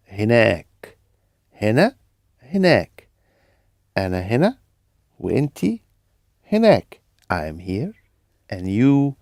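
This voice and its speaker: A man's voice: lowish voice, a little mellow, no echo, clean studio sound. A man assisting in a language lesson, modeling phrases and explaining them with examples. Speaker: native-speaker language assistant.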